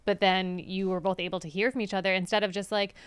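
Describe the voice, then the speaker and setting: A woman's voice: medium pitch, flat delivery, quick pace, clear, resonant tone, no echo. A woman hosting a podcast who listens attentively, affirms her guest, and asks questions in an easy conversational way. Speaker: podcast host. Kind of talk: conversational interview.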